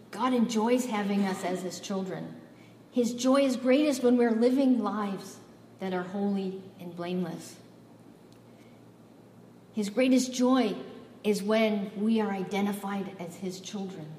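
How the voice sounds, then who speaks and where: A woman's voice: medium pitch, a little mellow, slight background noise. A woman preaching a sermon, telling a personal story and acting out the dialogue, rising to emphatic peaks. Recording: echoey hall, voice from far off, faint ambience.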